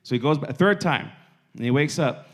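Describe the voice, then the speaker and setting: A man's voice: fairly high pitch, animated, moderate pace. Casual man preaching to youth. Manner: conversational, full of "like" and repeated phrases.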